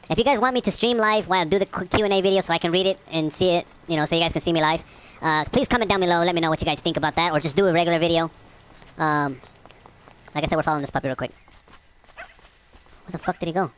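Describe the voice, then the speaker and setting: A woman's voice: on the low side, smooth. A woman hosting her own gaming channel, chatting casually and profanely while she plays. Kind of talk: casual gameplay commentary.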